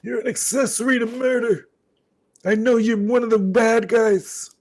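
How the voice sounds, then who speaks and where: A man's voice: extremely high pitch, steady tone, normal speed, a little hiss or hum, pitched above the performer's own voice. A sneering, condescending cop, as a man puts him on for a film stream, his voice pushed far up into a thin, strained register. He taunts and needles, bullying with every line. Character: sneering male police officer, condescending.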